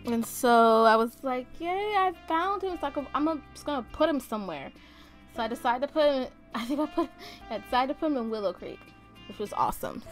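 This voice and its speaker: A woman's voice: a little high, fairly quick. A woman giving casual, chatty let's-play commentary as she plays a life-simulation game, often exclaiming and giggling. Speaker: gaming YouTuber. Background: faint game music.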